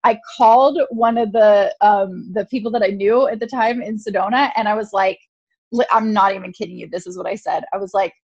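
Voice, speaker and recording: A woman guest on a podcast, telling a personal story in a lively, chatty way, full of "like" and quick laughs. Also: mid-range voice, slightly rough, highs cut off.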